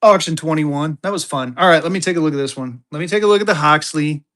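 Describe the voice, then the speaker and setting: A live online auction seller doing fast sales patter, repeating phrases and getting excitable as bids come in. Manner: excitable, voice jumps high when bidding heats up; rapid hype with repeated phrases.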